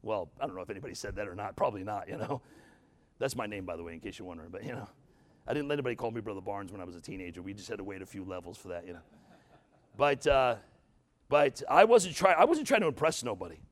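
A man's voice: lowish voice, racing. An older man, a grandfather, preaching a sermon to a church with folksy jokes and rising, emphatic exhortation. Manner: folksy, joking asides, rises to emphatic exhortation.

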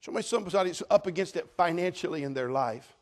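A man preaching a sermon as pastor, folksy and full of jokes, swinging between loud declarations and hushed asides. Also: high voice, lively intonation, fast talker.

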